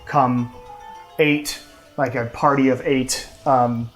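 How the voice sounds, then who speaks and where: A man runs a tabletop game, narrating in a loose, relaxed way and filling the gaps with ums and likes. His voice sits in a middle register. Soft music plays underneath. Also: medium pitch, takes it slowly, low-quality recording. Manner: relaxed, loose, many fillers. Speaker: game master. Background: faint music.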